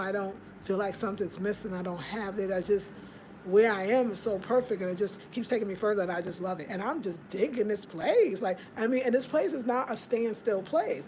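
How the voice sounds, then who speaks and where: A woman's voice: mid-range voice, expressive, moderate pace, a little mellow, slight background noise. A woman hosting a casual live stream, chatty and laughing often, drifting from one topic to the next. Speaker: livestream host. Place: home in Ghana.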